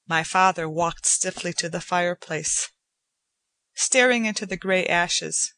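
A woman narrating a short story in a measured, unhurried storytelling manner. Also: on the low side, pushed and bright. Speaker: audiobook narrator. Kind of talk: scripted narration.

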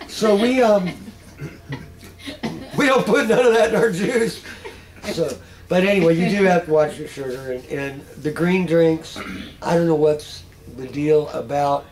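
A middle-aged man with a fairly high voice tells stories in a loose, folksy way. He chuckles often as he talks to a small group. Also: measured pace, darkish tone, poor audio. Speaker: patient speaker. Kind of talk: casual storytelling talk.

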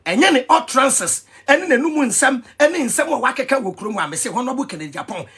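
A Ghanaian man ranting in an animated vlog commentary, excitable and mixing pidgin with Twi. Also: very high voice, quick pace, husky. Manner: excitable, switching between pidgin and Twi, shouting and laughing. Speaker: vlogger.

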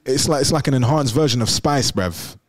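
A man's voice: medium pitch, lively intonation, brisk. A young man co-hosting a call-in show, joking in heavy slang and tacking "bruv" onto nearly every phrase. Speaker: co-host. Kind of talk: casual banter on a live call-in show.

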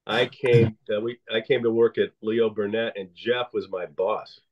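A man, a guest screenwriter, chatting in a relaxed self-deprecating way in an interview. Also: on the low side, normal speed, muffled recording. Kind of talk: casual interview chat.

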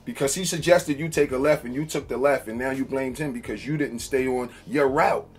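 A man's voice: medium pitch, brisk, faint music behind. A man giving a casual storytelling monologue about relationships, acting out quoted lines and checking in with "okay?". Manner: conversational, acts out quoted lines, frequent "okay?" check-ins. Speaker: relationship talk host.

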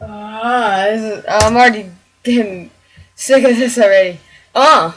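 A woman hosting a gaming channel, giving let's-play commentary while growing frustrated, swearing and yelling at the game character and talking to her viewers. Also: on the high side, a little slow, slight background noise.

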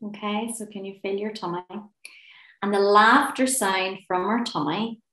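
A woman's voice: mid-range voice, fairly even intonation, unhurried, a bit bright, reverberant, rough recording. A woman leading a guided laughter and relaxation class, playful and encouraging, often giggling between instructions. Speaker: laughter and relaxation session leader.

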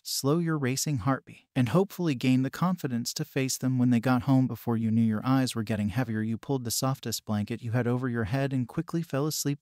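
A man narrates a written story, text messages and all, in a steady, flat reading voice. His pitch sits in an ordinary middle range. The recording is dry, with no room sound around him. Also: dry recording. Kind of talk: scripted fan fiction reading.

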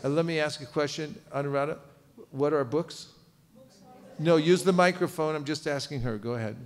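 Animated man teaching a seminar. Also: on the high side, moderate pace. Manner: lively, quizzes audience, joking asides. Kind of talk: live seminar lecture. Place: temple cultural hall.

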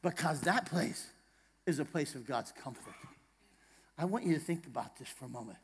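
Pastor, hushed to rousing, in a reverberant hall. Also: male voice, a little high, animated, moderate pace, husky. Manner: swings from hushed tender passages to loud emphatic rallying; jokes with the congregation and asks them questions. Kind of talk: sermon. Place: church sanctuary.

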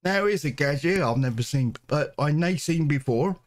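A man's voice: a little high, lively intonation, normal speed, lightly acted. A man reading aloud a chatty northern male scrap merchant in a put-on Geordie accent, in a folksy, rambling way. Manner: folksy, rambling, read aloud from game text.

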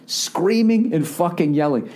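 A man's voice: high-pitched, animated, a little slow, darkish tone. A middle-aged man, telling a rambling, profane comedic story as a podcast host. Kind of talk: casual comedic monologue.

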